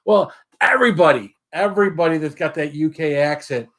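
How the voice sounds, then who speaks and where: A man's voice: fairly high pitch, a little fast, fairly bright tone. Chatty man hosting a livestream. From Michigan, USA. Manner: chatty, greets viewers by name. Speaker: livestream host. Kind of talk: casual live-stream chat.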